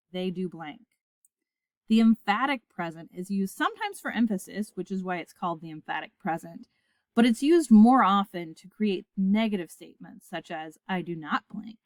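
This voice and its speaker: A woman gives a Latin grammar lesson in a clear, deliberate voice, spelling out each form slowly enough to repeat back. Her voice sits in a middle register for a woman. The sound is dry and close, with no room around it. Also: mid-range voice, no room sound. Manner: clear, deliberate, recites forms aloud for listeners to repeat. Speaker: Latin teacher. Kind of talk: scripted lesson narration.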